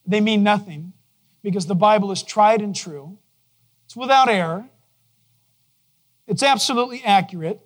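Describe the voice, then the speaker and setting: A man preaching a sermon to his congregation in a conversational way, asking them questions and dropping to a soft, low voice for gentle moments. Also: moderate pace, long pauses. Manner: drops to a soft, low voice to quote God gently. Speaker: pastor. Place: church.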